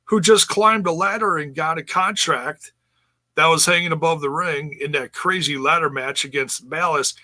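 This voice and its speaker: Bright-voiced laid-back podcast co-host. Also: male voice, on the high side. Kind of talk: casual wrestling review chat.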